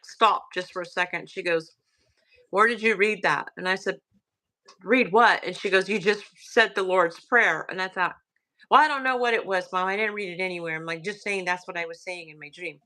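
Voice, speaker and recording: Southern woman, bright forward tone, halting hushed storyteller, lots of fillers. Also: medium pitch. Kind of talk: casual storytelling.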